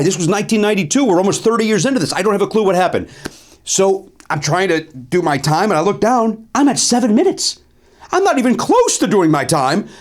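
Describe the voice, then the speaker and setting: A middle-aged male comedian and host tells a story in a lively monologue packed with ums and uhs. He's animated and swings his pitch upward to stress the punchlines.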